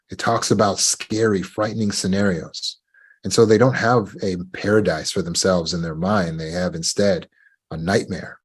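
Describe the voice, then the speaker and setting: A man giving a measured motivational talk on recovery, often asking the listener rhetorical questions. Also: lowish voice, slightly rough. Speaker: self-help speaker.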